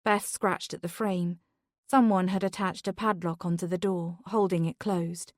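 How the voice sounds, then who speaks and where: A woman narrating a psychological thriller audiobook in a measured, tense, scripted delivery. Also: on the low side, steady tone, no room sound, clean studio sound.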